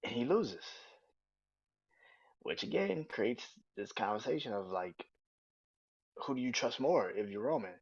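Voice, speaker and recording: A man hosting his own podcast, giving a casual, animated review that is full of swearing, with bursts of acted-out quotes. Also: medium pitch, moderate pace, vocal fry, husky, dry recording, highs cut off. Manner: animated, swears freely, acts out quotes in raised voices. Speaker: podcast host. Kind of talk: casual solo wrestling review.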